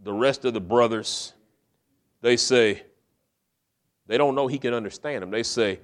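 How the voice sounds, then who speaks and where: A man's voice: medium pitch, measured pace, long pauses. A middle-aged man preaches by retelling a story in plain, casual speech. He drops into the characters' lines along the way and keeps an easy conversational pace. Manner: casual retelling with acted-out quotes. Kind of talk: storytelling sermon.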